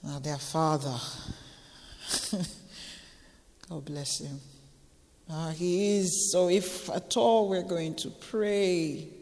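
A woman in her forties sharing an emotional personal testimony with a church gathering, halting and tearful, repeating phrases for emphasis. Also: lowish voice, darkish tone, in a large hall.

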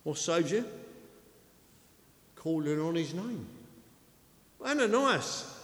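A male preacher giving an excitable sermon, dropping to quiet asides and rising to loud acted-out quotes. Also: a little high, slow pace, pauses often. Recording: echoey hall with long reverb.

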